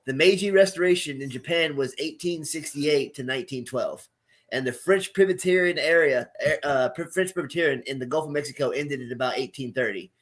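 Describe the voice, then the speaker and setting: A man's voice: on the high side, a little fast, a bit bright. A man hosting a casual call, earnestly listing dates and facts. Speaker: host.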